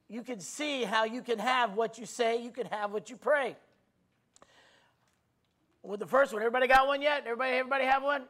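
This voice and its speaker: A man preaching a sermon, leading the congregation in loud, emphatic call-and-response declarations and repeating his phrases. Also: very high voice. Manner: emphatic, repeats phrases, stretches words slowly while shouting. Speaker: pastor.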